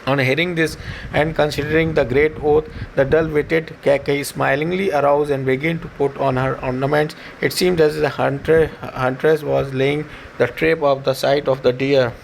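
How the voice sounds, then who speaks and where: A man reading a scripture translation aloud in a halting way, with restarts and fillers. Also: fairly high pitch, fairly even intonation, vocal fry, slight background noise, poor audio. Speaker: scripture reciter and teacher.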